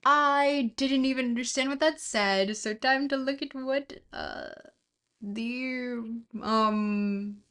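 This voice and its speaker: A woman's voice: high voice, takes it slowly, a bit bright, smooth. Chatty woman streaming and reading aloud. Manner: chatty, trails off and restarts, laughs at herself. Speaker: livestreamer reading a book aloud. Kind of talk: casual livestream chat.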